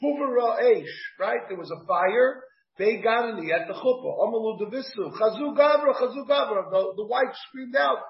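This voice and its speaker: A man's voice: high voice, animated, normal speed. A man, a rabbi, leading a Talmud class, reading the text aloud and explaining it phrase by phrase. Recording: dull, echoey room from a distant mic.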